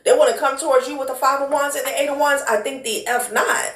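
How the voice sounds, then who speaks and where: A woman's voice: sits high, steady tone, quick pace, fairly bright tone. A woman doing a casual tarot reading, blunt and profane, who calls the listener honey and child. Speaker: tarot card reader. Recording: echoey room.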